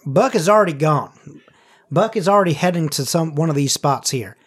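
A man voicing a gruff, blunt older Southern male scientist with a put-on Southern accent, lecturing impatiently in a tabletop game. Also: fairly high pitch, expressive, normal speed. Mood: urgent. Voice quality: gruff, tough. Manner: lecturing, impatient, swears mildly.

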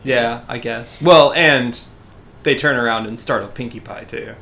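Bright, crisp man co-host, casual, playful. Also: mid-range voice, a little slow. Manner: chiming in, playful asides. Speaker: podcast co-host. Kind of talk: casual chat.

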